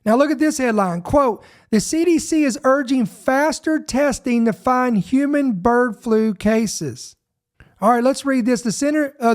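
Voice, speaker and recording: A man from Georgia, hosting a podcast and reading news headlines aloud. He talks emphatically, slows down to stress certain words and often repeats himself mid-sentence. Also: very high voice. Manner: repeats himself, self-interrupting. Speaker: podcast host.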